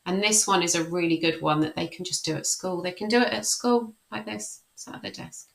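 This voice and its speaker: A woman life coach leading a guided tapping session. She speaks slow, repeated affirmations, then explains the method in a friendly way. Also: on the low side, creaky, fairly bright tone, poor audio.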